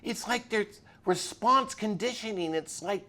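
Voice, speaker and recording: A man's voice: fairly low pitch, very animated, normal speed, vocal fry, a bit bright. A man, a police officer, telling his faith story in a dramatic way and acting out the people in it. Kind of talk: animated storytelling testimony.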